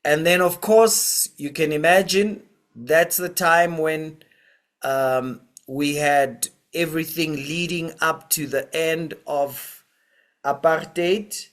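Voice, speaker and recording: A man's voice: fairly high pitch, steady tone, slow pace, fairly bright tone. A man vlogging, retelling a street crime he witnessed in a casual storytelling way, acting out quoted voices as he goes.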